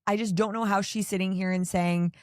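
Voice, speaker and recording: A woman's voice: medium pitch, fairly even intonation, a little fast, no echo, studio quality. A woman hosting a podcast, recapping reality TV in an exasperated, rambling way, full of "like" and "I don't know". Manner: exasperated, opinionated ranting. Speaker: podcast host. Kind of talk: casual reality TV recap chat.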